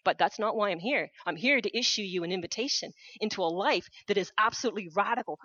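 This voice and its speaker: A woman's voice: mid-range voice, fast, hardly any pauses, a bit bright, no echo, lo-fi sound. A woman missionary preaching a sermon in a church, making an urgent, earnest appeal with repeated phrases. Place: church hall.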